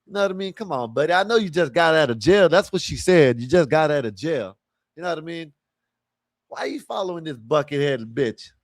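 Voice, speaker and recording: A man's voice: a little high, animated, a little fast, dry recording, studio quality. A man hosting a livestream, giving blunt, profane commentary on a video clip and asking rhetorical questions. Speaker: livestream host reacting to a clip. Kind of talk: casual live commentary.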